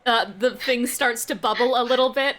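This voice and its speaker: A woman's voice: on the high side, fairly even intonation, normal speed, a bit bright. A woman narrating as game master in a tabletop game, playful and often laughing. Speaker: dungeon master.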